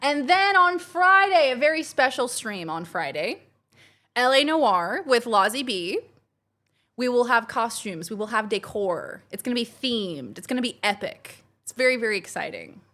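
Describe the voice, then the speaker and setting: A woman's voice: on the high side, very animated, moderate pace, pushed and bright. A woman streamer chatting casually and bubbly with her live chat from home while planning her week. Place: home, kitchen.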